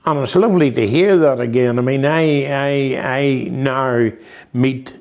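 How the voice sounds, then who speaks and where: An elderly Northern Irish man in his eighties recalls old stories in a slow, rambling way, full of restarts and fillers. His voice carries a gravelly, creaky edge at an ordinary middle pitch. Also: darkish tone. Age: 80s. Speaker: interviewee. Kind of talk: reminiscing conversation.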